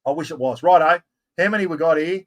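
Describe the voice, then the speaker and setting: A middle-aged Australian man hosting a live giveaway stream, chatty and excitable, full of blokey slang. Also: on the high side, quick pace. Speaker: livestream host.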